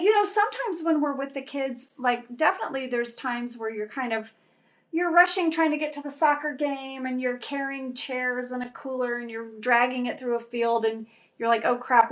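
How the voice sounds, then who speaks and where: Bubbly, animated middle-aged woman. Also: high-pitched, normal speed. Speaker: actress guest. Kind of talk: casual interview chat.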